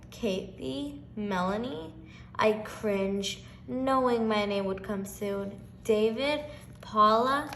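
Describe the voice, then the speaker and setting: A woman's voice: mid-range voice, gravelly, slight background noise. Woman reading a picture book aloud. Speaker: reader.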